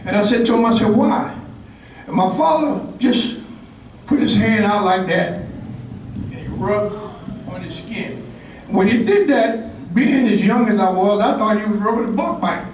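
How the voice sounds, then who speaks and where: An older man from Harlem tells a story in a speech, lively and acting out each character. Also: sits high, moderate pace, noisy background. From Harlem, New York. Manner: animated storyteller, acts out quotes. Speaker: ceremony speaker. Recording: echoey hall from far off, faint ambience.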